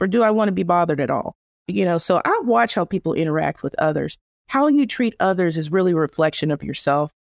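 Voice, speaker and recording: Assertive lower-voiced woman guest. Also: no echo, studio quality. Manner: assertive, emphatic, preachy. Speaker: guest, HR consultant. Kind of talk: interview answers.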